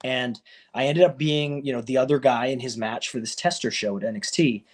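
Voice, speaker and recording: A man, a professional wrestler, telling his career story in a casual, animated way and acting out what others said. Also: brisk. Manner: animated, acts out quoted people with raised pitch; loose and conversational, many fillers like "like" and "you know".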